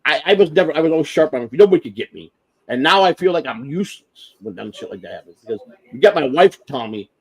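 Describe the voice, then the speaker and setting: A man's voice: mid-range voice, animated, fast talker. An older man in casual chat on a live stream, talking in an emotional, profane and self-deprecating way. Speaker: stream host.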